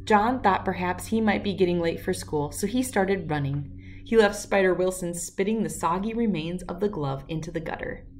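A woman reading a children's chapter book aloud, telling the story in a clear, expressive way. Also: on the low side, moderate pace, distant mic, a little hiss or hum.

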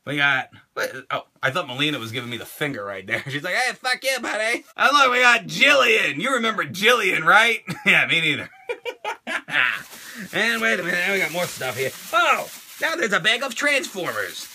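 A middle-aged man hosting a toy show, unboxing fan mail with a loud, crude, joking manner and quick silly voices. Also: sits high, sing-song, breathy edge.

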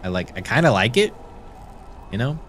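A man's voice: on the low side, sing-song, moderate pace, fairly bright tone, a little hiss or hum. A man streaming a video game, chatting playfully and reading the game's lines aloud. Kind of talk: let's play commentary. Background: game music.

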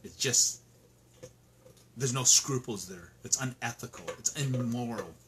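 A man's voice: medium pitch, a little slow, fairly bright tone, slight background noise. A man, a dog trainer, talking in an interview, frustrated and indignant, with frequent restarts and repeated words. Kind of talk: emphatic interview talk.

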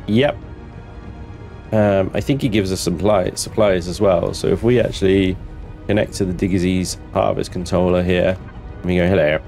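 Chatty man with a low voice. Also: a little mellow. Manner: chatty, laughs often, reads game text aloud. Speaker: gamer streaming his play. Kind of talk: casual gameplay commentary.

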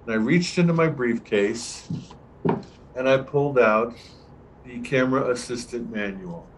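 An older man, a veteran camera assistant, telling a relaxed anecdote as a guest on a video-call Q&A and acting out the dialogue. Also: mid-range voice, a little slow, a little hiss or hum, poor audio. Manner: relaxed anecdotal storyteller, acts out quoted dialogue. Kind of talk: storytelling in an online Q&A.

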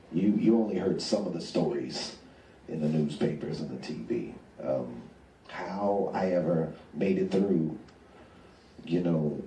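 A man with a fairly low voice gives a loose, rambling pep talk to an audience of fans. He stumbles and repeats words as he goes. He is recorded from a distance in an echoey space, with faint noise behind. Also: mellow. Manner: rambling, repeats words, laughs at own stories. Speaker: speaker addressing fans on stage. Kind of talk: motivational talk to a live audience.

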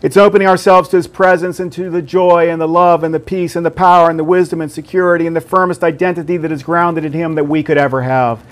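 Brief: male pastor in his late fifties, emphatic sermon delivery with quiet prayerful passages, slightly high voice. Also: little pitch movement, quick pace, hardly any pauses. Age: 56 or older. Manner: earnest, emphatic preaching with soft hushed prayers.

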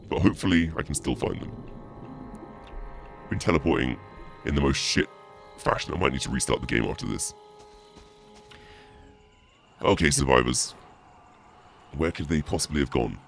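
A man commenting on his gameplay through a voice changer that makes his voice deep and gravelly, swearing and grumbling as he plays. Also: normal speed, long pauses, a bit bright, soft background music. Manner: swearing, frustrated, joking. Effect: voice changer pitching voice down. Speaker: gameplay streamer.

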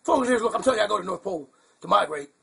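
Goofy confused bird puppet done by a man, gravelly, swooping pitch, rambling puppet show chatter. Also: animated, very fast, pushed and bright, slight background noise, heavily acted. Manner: rambling, muddled, chuckling. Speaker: hand puppet co-host.

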